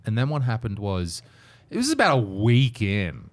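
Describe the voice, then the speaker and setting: A young man in casual chat, quick and sarcastic, swearing freely. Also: lowish voice, huge pitch swings. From Australia. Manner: quick, swearing, mocking asides.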